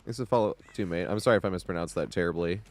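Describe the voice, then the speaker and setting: A man's voice: sits low, racing, no echo. A man giving casual live commentary as a game streamer, chatty, laughing often and making sarcastic asides.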